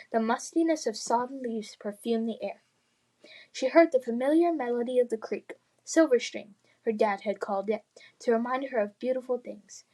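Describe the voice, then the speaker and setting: Casting note: woman with a slightly high voice for a read-aloud novel, sometimes hushed. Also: poor audio. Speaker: audiobook reader.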